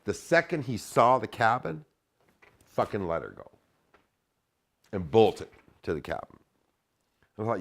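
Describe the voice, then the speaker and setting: A man telling a story in casual chat, animated and profane, acting out the shouted lines. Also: fairly low pitch, unhurried, creaky, long pauses.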